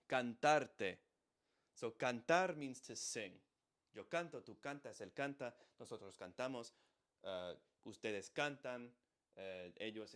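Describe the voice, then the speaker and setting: A man's voice: medium pitch, fairly bright tone. Male language tutor, mid-range voice, patient and methodical, explains lyrics word by word. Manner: patient, repeats words and checks in with "right?". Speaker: language teacher. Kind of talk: explaining song lyrics line by line.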